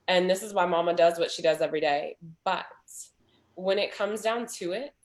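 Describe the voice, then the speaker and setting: A woman's voice: lowish voice, moderate pace. A woman in her thirties, a small business owner, talking candidly and chattily in a group video chat. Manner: candid, chatty, says "like" a lot.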